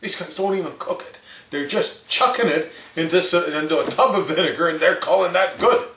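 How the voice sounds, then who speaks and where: A man's voice: on the high side, brisk, fairly bright tone, reverberant. A man impersonating an opinionated older male hockey commentator, ranting in rambling, folksy asides. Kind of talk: comedic impression rant.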